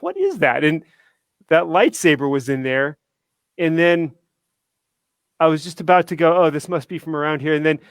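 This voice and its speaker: A man's voice: fairly high pitch, no echo. A man in a band telling a casual story on a webcast, chatty and laughing often. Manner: chatty, laughing, many fillers. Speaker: band member co-hosting a webcast.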